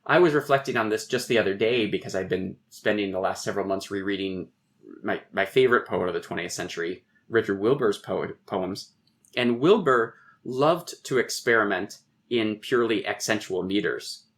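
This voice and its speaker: A man's voice: lowish voice, normal speed, fairly bright tone. A man, a poet and philosopher, explaining poetic meter in a thoughtful, professorial way with frequent restarts. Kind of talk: conversational lecture on poetic meter.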